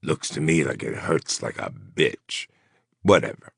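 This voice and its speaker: A cruel, mocking gunman drawls his taunts, as a male narrator voices him. The voice is very deep and gravelly with a husky edge. Lines come slow and sneering, rising and falling as he toys with his victims. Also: lively intonation, fairly bright tone, no echo, studio quality, full character voice. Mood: taunting.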